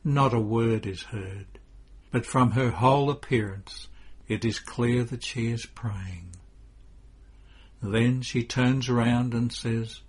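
Slow, husky man reading solemnly. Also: medium pitch. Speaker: reader. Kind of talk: dramatic scripture reading.

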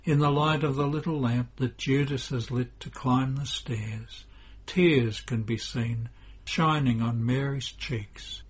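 A man reads a devotional story aloud in a measured narrating manner. His voice is deeply husky and breathy, and he takes his time over every phrase. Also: steady tone. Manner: slow, measured reading.

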